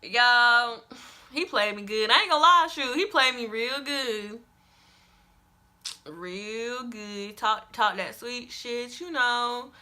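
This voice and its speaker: A young woman vlogger telling a story-time tale to her viewers, dramatic and animated, calling out to them as y'all. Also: on the high side, takes it slowly.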